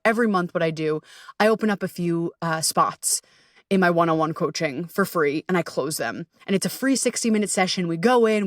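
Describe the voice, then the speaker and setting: A woman's voice: fairly low pitch, dry recording, clean studio sound. A woman hosting her own podcast as an anxiety coach, talking in a chatty, candid way, swearing freely and acting out inner voices. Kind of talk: casual solo podcast monologue.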